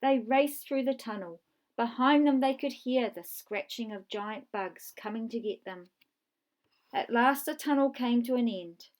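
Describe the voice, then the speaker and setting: A woman narrating a children's storybook in a clear, measured way with dramatic pauses. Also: on the high side, darkish tone.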